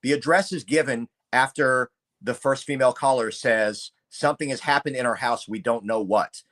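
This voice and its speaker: A middle-aged man co-hosting a casual true-crime podcast, talking in a measured, opinionated way. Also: mid-range voice, a bit bright. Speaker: podcast co-host.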